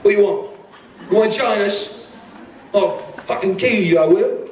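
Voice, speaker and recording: A scruffy, menacing East End brawler with a rough Cockney growl, as an Irish actor puts him on. His voice sits a little high and carries from a distance across an echoey hall with a crowd murmuring behind. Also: moderate pace, a little hiss or hum, close to an everyday voice. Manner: threatening, rough.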